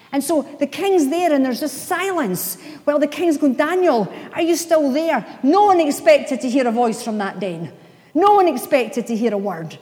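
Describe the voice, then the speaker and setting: A woman pastor preaching an emphatic sermon, with playful asides and slow, stressed phrases. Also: fairly high pitch, darkish tone. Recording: long hall reverb.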